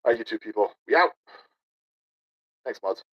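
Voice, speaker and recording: A man's voice: medium pitch, lively intonation, normal speed, breathy edge, muffled recording. A man doing a profane, mocking reaction commentary on a video clip as a streamer.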